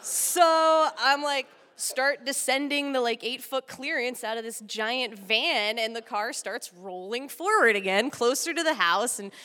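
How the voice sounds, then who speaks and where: A woman from Texas telling a comic story live, animated and laughing often. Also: fairly high pitch, unhurried, hardly any pauses. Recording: long hall reverb.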